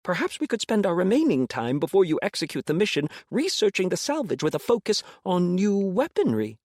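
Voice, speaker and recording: A man doing a small, eager alien scientist with a high voice. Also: wildly swooping pitch, a little fast, darkish tone, no echo, studio quality, heavily acted. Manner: earnest, hopeful pleading. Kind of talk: audiobook character voice.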